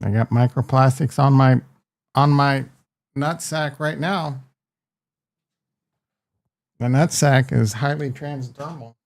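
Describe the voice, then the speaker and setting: Crude joking man, gravelly voice. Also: mid-range voice, takes it slowly, long pauses, no echo, studio quality. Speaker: host. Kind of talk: casual live-stream chat.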